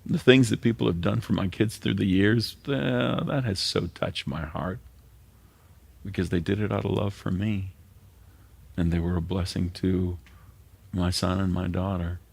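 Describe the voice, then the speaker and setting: A middle-aged man, a pastor, preaching a sermon in an earnest way and sometimes dropping to a hushed near-whisper. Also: sits low, creaky, breathy edge.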